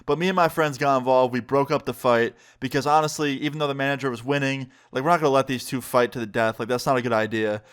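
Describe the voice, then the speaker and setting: A man's voice: medium pitch, steady tone, quick pace, hardly any pauses, a bit bright, clear, resonant tone. A young man casually narrating a storytime on his vlog in a laid-back, slangy way. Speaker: vlogger.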